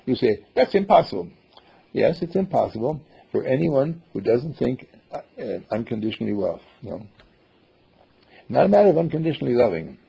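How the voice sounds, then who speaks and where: A man's voice: mid-range voice, vocal fry, dark tone, husky, dull audio. A man teaching a small group in a playful way, acting out little dialogues in different voices. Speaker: spiritual teacher. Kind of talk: group talk.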